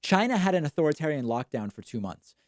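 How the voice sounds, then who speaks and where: A man's voice: fairly high pitch, big pitch swings, fast talker, no echo, studio quality. A man hosting a live political commentary stream, talking back at clips with sarcasm. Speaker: show host.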